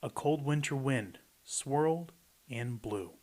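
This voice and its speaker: A slightly mellow, mid-range male voice reads a rhyming picture book slowly and expressively. Chatty, playful comments fill the pauses between pages.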